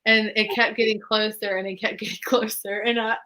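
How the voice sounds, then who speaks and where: A woman's voice: medium pitch, brisk. A woman, hosting a casual chat and telling stories with lots of laughter. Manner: animated storyteller who laughs often. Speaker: host.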